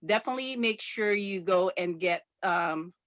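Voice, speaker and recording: Woman host, gushing and effusive, halting speech, dry close sound. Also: mid-range voice, fairly bright tone, no echo, dull audio. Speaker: interviewer and host. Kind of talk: casual interview chat.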